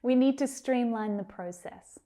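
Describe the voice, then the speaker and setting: A woman teaching English pronunciation, saying words slowly and carefully with drawn-out enunciation, then using them in example sentences. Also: a little high, dark tone. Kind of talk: pronunciation lesson.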